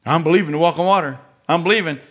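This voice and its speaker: Guy doing a whiny squeaky believer dude, stuck in the boat, keeps insisting. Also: rapid-fire, fairly bright tone. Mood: whiny insistent. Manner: whiny, insistent, mocking caricature.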